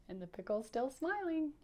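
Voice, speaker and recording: A woman teacher reads a picture book aloud to young children. She speaks in a slightly high voice that swoops up and down with great liveliness. Her manner is playful and coaxing, and she keeps inviting the kids to repeat lines after her. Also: background noise. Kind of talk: interactive children's read-aloud.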